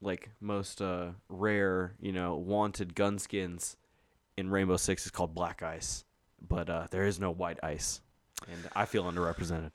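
A man's voice: low-pitched, little pitch movement, a little slow, no room sound. A man co-hosting a podcast in casual chat, meandering and swearing freely. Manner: chatty, meandering, profane. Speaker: podcast co-host.

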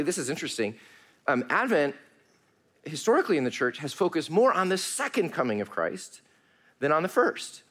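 A man preaching a sermon. His voice is fairly high for a man and very lively in pitch. He swings between raised, pleading lines and hushed, low passages, and speaks to his listeners as friends. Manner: addresses congregation warmly as friends, uses y'all. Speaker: pastor.

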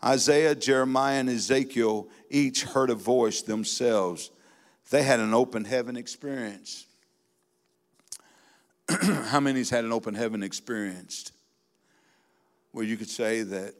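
A man preaching a sermon in a church, building from steady teaching into fervent, emphatic exhortation. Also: mid-range voice, a little slow, pauses often. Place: church sanctuary. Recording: long reverb in a hall.

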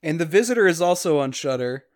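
A man's voice: fairly high pitch, animated, fast. A man from Louisiana hosting a podcast, talking casually and laughing often. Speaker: podcast host.

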